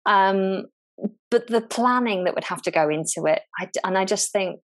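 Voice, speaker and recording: A woman who teaches English, a guest in a relaxed interview, talking thoughtfully and often restarting her sentences. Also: mid-range voice, normal speed. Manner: thoughtful, frequent restarts and repeated words. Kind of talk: casual conversational interview.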